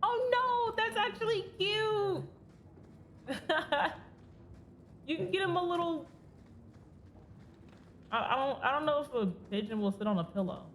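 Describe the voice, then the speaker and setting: In a high voice over a touch of hiss or hum, a woman streamer keeps up chatty, giggly gameplay commentary and talks back to the characters on screen. Faint game music plays underneath.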